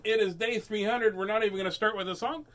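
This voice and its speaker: A man's voice: high-pitched, steady tone, quick pace, a bit bright. A man hosting a children's reading stream, chatting in a goofy, sing-song way and laughing often. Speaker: host reading children's books. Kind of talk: playful live-stream chat.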